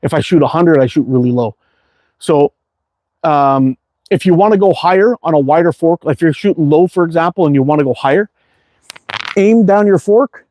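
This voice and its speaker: A man's voice: fairly high pitch, moderate pace, darkish tone, no room sound. A man hosting a casual livestream from his backyard, reading viewer chat in an easygoing, rambling way with plenty of fillers. He sounds tired and worn out. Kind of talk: casual live chat while target shooting.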